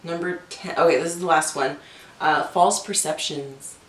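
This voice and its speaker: A woman's voice: sits low, fairly even intonation, moderate pace. A young woman co-hosting a casual best-friend video, talking in a joking, sarcastic way. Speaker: co-host. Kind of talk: casual chat. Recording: echoey room.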